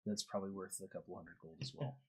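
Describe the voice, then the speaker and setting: A man's voice: deep voice, quick pace, breathy edge. A man narrating as game master of a tabletop game, laughing often and rambling loosely.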